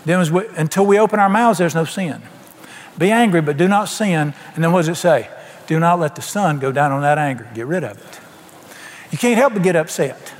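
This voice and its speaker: A man's voice: high voice, big-room sound. An older man preaching a folksy, emphatic sermon, asking the congregation questions. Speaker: pastor.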